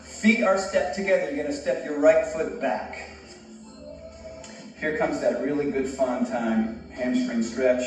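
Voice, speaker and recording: A man leading a guided yoga session in a casual, encouraging and self-joking way. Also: a little high. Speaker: yoga instructor. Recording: echoey room, distant mic, soft music.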